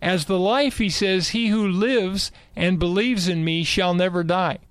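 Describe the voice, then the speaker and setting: Man, high pitch, smooth clear voice, emphatic, explaining scripture in a chat. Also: fairly even intonation, unhurried, dry recording. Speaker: Bible teacher guest. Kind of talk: conversational Bible teaching.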